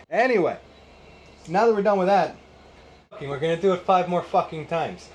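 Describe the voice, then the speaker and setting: A man's voice: sits high, expressive, normal speed, slight background noise. A man in his thirties restringing a guitar in a casual how-to vlog, ranting with sarcastic, exasperated swearing. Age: 30s. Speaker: YouTube host.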